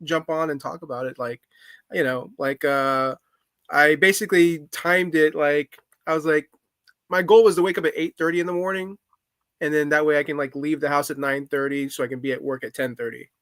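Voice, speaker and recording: His fairly high, fairly bright voice keeps a steady tone at a brisk pace as he co-hosts a podcast, chatting casually with many fillers and restarts. There's no room sound, just clean studio audio.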